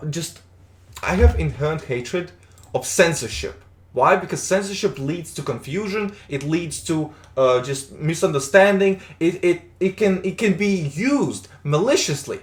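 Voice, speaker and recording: A man's voice: a little high, lively intonation, normal speed, roomy sound. A man streaming in a casual, rambling chat, stumbling and repeating words, with the odd swear.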